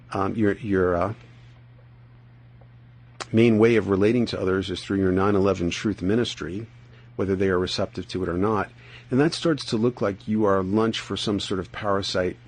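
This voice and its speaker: A man reads his own first-person journal for a podcast, his voice a little breathy and husky. He sits slightly low in pitch and takes his time, stretching out some phrases slowly. The delivery is steady and deliberate. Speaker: podcast host reading his own writing. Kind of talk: first-person reading of a dream journal and commentary.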